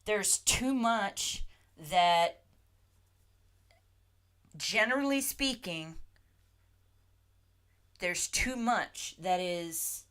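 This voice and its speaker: Slow, halting woman chatting on a livestream. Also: medium pitch, lively intonation, fairly bright tone, smooth. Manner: slow, halting, restarts often, talks to her dog between comments. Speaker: livestream host reading chat. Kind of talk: casual livestream chat.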